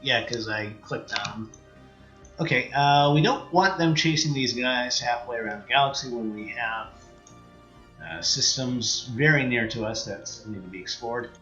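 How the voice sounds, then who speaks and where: Canadian guy streaming a strategy game, bright forceful voice, kinda roomy and dull sound, game music under him. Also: medium pitch, moderate pace. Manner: thinks aloud, many fillers and trailing-off sentences. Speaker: let's play streamer. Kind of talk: casual game commentary.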